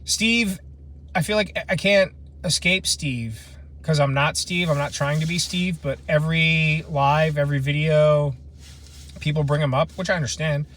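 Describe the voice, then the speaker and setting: A man in his late twenties hosts a casual camping livestream outdoors at night, speaking through his phone in a slightly high, somewhat bright voice at a measured pace. He reads viewer comments and chats in a loose, rambling, slangy, self-deprecating way.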